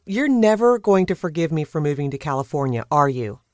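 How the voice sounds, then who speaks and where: A woman's voice: low voice, sing-song, a little fast, a little mellow, no echo, clean studio sound. A woman playing a blunt, insistent woman reporter.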